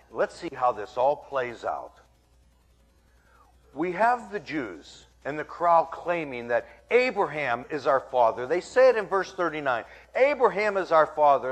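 A man's voice: fairly high pitch, a bit bright. A man preaching a sermon, walking through scripture and dramatically acting out what the crowd is thinking. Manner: dramatic, acts out the crowd's voices.

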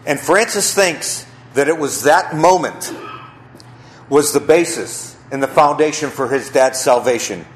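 A man preaching a sermon as pastor, telling a story and asking the congregation rhetorical questions. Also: mid-range voice.

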